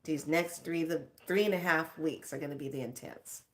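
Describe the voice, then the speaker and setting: A woman's voice: deep voice, steady tone, moderate pace. A middle-aged woman giving a casual spiritual pep talk as a teacher, speaking frankly and expressively and laughing often.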